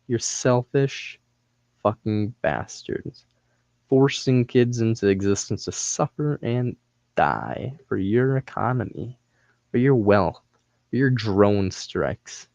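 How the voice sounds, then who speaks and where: A man's voice: lowish voice, darkish tone, no echo, lo-fi sound. A man on a livestream, ranting angrily at his viewers with taunting, profane insults. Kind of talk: angry livestream rant at chat.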